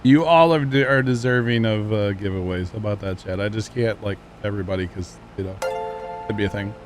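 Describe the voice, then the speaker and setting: A man livestreaming a farming game, chatting casually with viewers and teammates, thanking them between quick exclamations. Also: fairly low pitch, soft background music. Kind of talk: casual gaming livestream chat.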